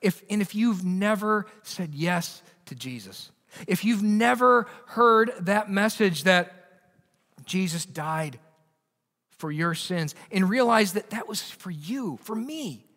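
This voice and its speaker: A male pastor preaching a sermon earnestly, often restarting his words and moving between raised and hushed delivery. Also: sits high, animated, takes it slowly, long reverb tail. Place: church sanctuary.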